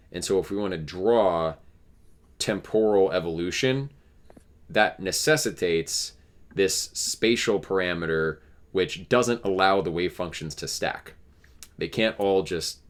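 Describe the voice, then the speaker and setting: A man hosting a casual philosophical discussion, explaining ideas in a thoughtful, searching way with frequent restarts. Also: low voice. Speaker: podcast host.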